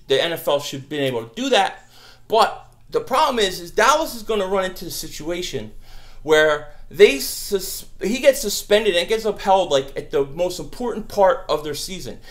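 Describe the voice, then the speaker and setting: A young man hosting a casual live-stream Q&A, answering viewer questions about football in a brash, animated way. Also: high-pitched. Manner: animated, brash, mocks trolls.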